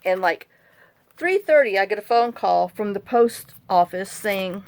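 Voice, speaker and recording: A woman's voice: medium pitch, lively intonation, moderate pace. A woman chatting casually as she makes a journal, rambling through stories and complaints. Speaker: journal-making craft vlogger. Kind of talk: casual chat while crafting.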